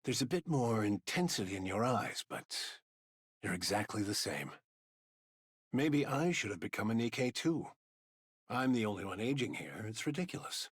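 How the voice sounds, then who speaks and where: A man's voice: fairly low pitch, big pitch swings, normal speed, breathy edge, no echo. An actor playing an aging male commander in a game, with a dry, teasing way of talking. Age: older. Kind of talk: game voice acting.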